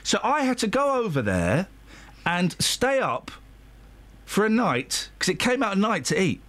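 A man's voice: high voice, huge pitch swings, measured pace, fairly bright tone. A man hosting a casual radio show, telling a rambling story and teasing his co-hosts with mock outrage. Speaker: radio host. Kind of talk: casual studio banter. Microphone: studio microphone.

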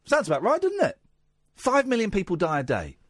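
A man's voice: high voice, huge pitch swings, fairly quick, fairly bright tone, no echo. A man hosting late-night radio, playful and jokey, talking into a studio microphone. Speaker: radio host.

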